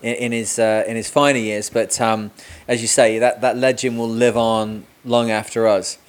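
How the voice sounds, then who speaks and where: A man's voice: medium pitch, level tone, normal speed. A man hosting a podcast interview from home, chatting casually with lots of fillers and jokes. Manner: joking, rambling with many fillers. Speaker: podcast host. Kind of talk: casual remote interview chat. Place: home room with a cat.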